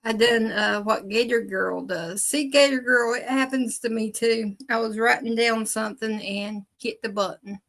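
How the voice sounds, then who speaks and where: A woman hosting an online show, chatting casually to viewers in an informal, folksy way with many pauses. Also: a little high, steady tone, creaky, a bit bright, low-quality recording.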